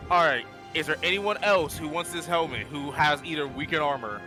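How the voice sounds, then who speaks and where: A man streaming a video game with friends, casually sorting and auctioning off gear and reading out item numbers with quick restarts. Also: fairly high pitch, music in the background. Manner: organizing, auctioning items, lists numbers with restarts. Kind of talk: casual gaming chat.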